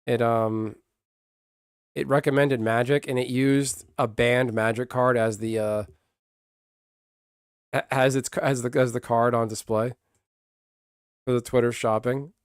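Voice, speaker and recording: A man talks casually on a livestream, ranting bluntly with frequent swearing and restarts. His voice sits at an ordinary middle pitch. The sound is dry and close to the mic. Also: steady tone, measured pace, pauses often, clean tone, dry recording. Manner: blunt, profane, rambling with many restarts. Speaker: streamer.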